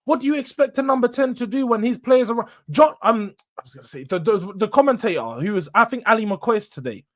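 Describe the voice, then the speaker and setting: A young man hosts a fan reaction show, speaking in a fairly high voice. He rants with frustration, building into sudden loud outbursts before dropping back down. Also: lively intonation, fairly quick. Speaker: host. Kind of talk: fan match reaction monologue.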